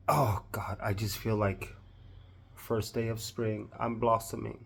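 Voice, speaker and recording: A man with a Southern US accent narrating a makeup tutorial, gushing with drawn-out exclamations. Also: lowish voice, fairly even intonation, vocal fry, breathy edge. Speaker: makeup vlogger.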